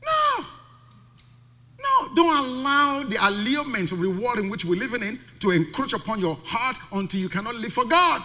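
Bright, lively preaching man in a reverberant hall. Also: very high voice, normal speed. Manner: emphatic, preaching with rhetorical questions. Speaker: pastor. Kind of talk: sermon. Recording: long reverb of a large hall.

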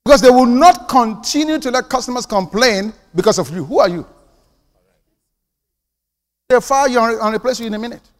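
An older man preaching a sermon, telling stories and swinging from hushed asides to loud punchlines. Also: extremely high pitch, expressive, moderate pace, long pauses. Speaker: pastor. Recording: long hall reverb.

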